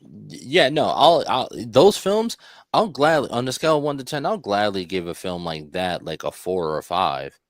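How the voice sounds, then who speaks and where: A man's voice: fairly low pitch, moderate pace, no room sound, studio quality. Rambling, cursing male podcast host. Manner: rambling, animated, profane, repeats himself. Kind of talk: casual film discussion.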